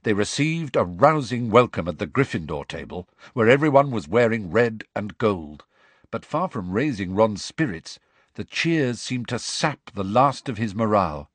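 Husky, animated male audiobook narrator. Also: on the low side, no room sound. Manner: animated, acts out the dialogue.

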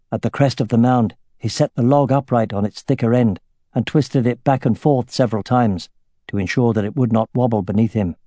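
A man narrating a fantasy audiobook in a measured, steady way. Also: medium pitch, no room sound, studio quality.

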